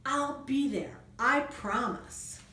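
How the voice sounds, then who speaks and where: A woman's voice: high-pitched, slow pace, sharp tone, voice pushed up, heavily acted. Woman doing a kind, loyal Minnesotan dog. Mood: friendly, reassuring. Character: kind, loyal male French bulldog with big ears. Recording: roomy room, distant mic, faint noise.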